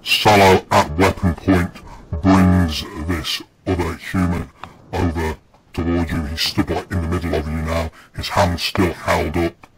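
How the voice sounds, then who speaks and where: A man's voice: low-pitched, flat delivery, unhurried, slight background noise, low-quality recording. A man narrating a tabletop game as game master, describing the scene evenly and unhurriedly.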